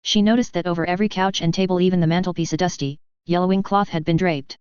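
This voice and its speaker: A woman narrates a story in a measured, even way. Her voice is lowish and very smooth and clean. The recording is dull and lo-fi, in a dry room close to the mic. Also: dry recording. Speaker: story reader. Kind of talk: reading fan fiction aloud.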